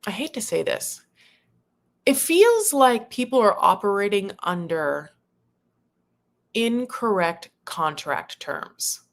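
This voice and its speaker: A woman's voice: medium pitch, sing-song, slow pace, long pauses. A woman giving casual, opinionated commentary on a reality show, talking loosely and swearing now and then.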